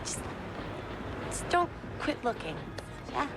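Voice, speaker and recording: A soft-spoken bookish young woman. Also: high voice, very animated, slow, creaky, heavily acted. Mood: gentle. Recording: TV clip with background noise.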